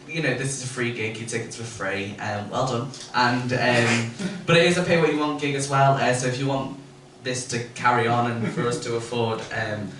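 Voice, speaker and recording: A man's voice: mid-range voice, fairly bright tone. Rambling jokey male compere. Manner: rambling, jokey, full of ums. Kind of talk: comedy compering. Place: comedy club. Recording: echoey club from far off, noisy.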